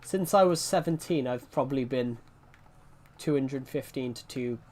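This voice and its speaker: A man's voice: medium pitch, normal speed, a little mellow. A man in his twenties chatting casually on a game stream, rambling, joking and swearing. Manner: laughing, swearing, rambling, jokey. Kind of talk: casual live-stream chat.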